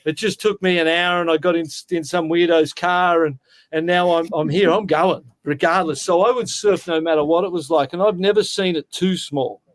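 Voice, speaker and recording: In a casual interview, a sixty-year-old Australian guest tells stories in an earnest, heartfelt way, often calling the listener "mate." His voice is on the high side, with fairly even intonation and a normal speed.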